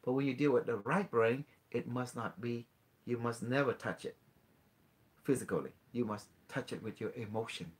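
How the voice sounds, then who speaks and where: A man hosting a call-in show, earnestly explaining ideas in halting, non-native English, with many restarts and rhetorical questions. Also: medium pitch. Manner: earnest explaining, mixes in quoted dialogue with a device. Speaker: host.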